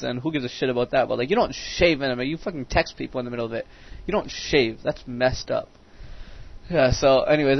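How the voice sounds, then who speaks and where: A teenage boy giving casual commentary over a strategy game, rambling, swearing freely and drifting off into side stories. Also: medium pitch. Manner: rambling, profane, easily sidetracked. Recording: dull lo-fi recording.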